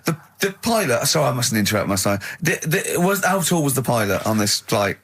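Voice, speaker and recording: A man's voice: mid-range voice, sing-song, fairly quick, fairly bright tone, slightly rough. A man hosting a comic radio show, teasing and interrupting with giggly banter. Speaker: radio host. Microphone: studio microphone.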